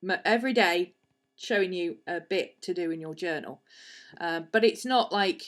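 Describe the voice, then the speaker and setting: A woman's voice: lowish voice, moderate pace. Stuffy-nosed woman chatting live. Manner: chatty and rambling, with fillers. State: congested, sniffly head cold. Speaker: livestream host and art teacher. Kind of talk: casual live-stream chat. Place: at her desk at home.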